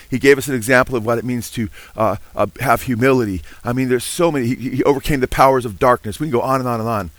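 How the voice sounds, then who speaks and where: A man's voice: mid-range voice, no room sound. Earnest preaching man, dry close sound. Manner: earnest preaching with frequent "amen" and rising emphasis. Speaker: pastor. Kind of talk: sermon.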